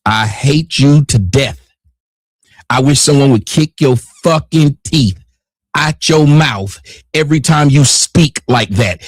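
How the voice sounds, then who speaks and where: A man reacting to a video with mocking commentary, jumping into high squeals. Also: expressive, slow, slightly rough, dry recording. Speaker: clip reactor.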